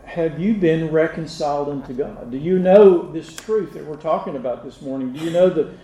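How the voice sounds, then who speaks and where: A man's voice: a little high, dark tone, reverberant, poor audio. A male pastor giving a sermon, speaking unhurriedly with frequent restarts and direct questions to the congregation. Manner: unhurried, halting delivery with many restarts and fillers.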